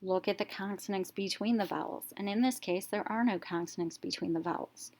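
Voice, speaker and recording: A woman teacher narrating a reading lesson, explaining each step slowly and clearly in an instructional voice-over. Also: medium pitch, darkish tone.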